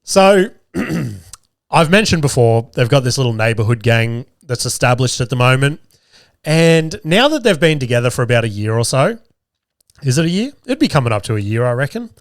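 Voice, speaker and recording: A man's voice: mid-range voice, normal speed, no echo, studio quality. Swearing Australian podcast host in his thirties. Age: 30s. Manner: swears constantly, animated and laughing while telling stories. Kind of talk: casual storytelling. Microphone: camera with podcast mic.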